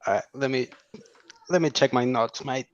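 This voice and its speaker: A man's voice: mid-range voice, normal speed, no echo, lo-fi sound, natural voice. A man putting on a hammy Australian accent, playing a mock-formal host who keeps saying mate. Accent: put-on Australian. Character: jokey Australian bloke host, says mate constantly. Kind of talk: casual livestream banter.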